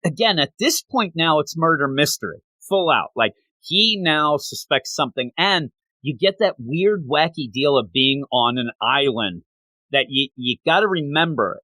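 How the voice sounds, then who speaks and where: A man co-hosting a manga review show in casual chat, retelling scenes in an animated way with quick asides. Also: a little high, dry recording. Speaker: podcast co-host reviewing manga.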